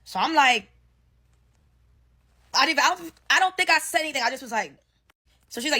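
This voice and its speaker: A young woman rattles off a workplace story in a quick, animated rush, heavy on slang and swearing. Her voice sits a bit high for a woman, and she acts out the other people's lines as she goes. It sounds like a casual phone-recorded vent to the camera. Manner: animated, profane, slangy storytelling with acted-out quotes. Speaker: storyteller ranting about work. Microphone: phone selfie video.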